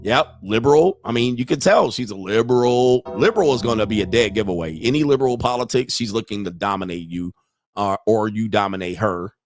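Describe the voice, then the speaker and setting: A man's voice: lowish voice, brisk, soft background music. A man hosting a reaction commentary, brash and mocking, with loose slang. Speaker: commentary host.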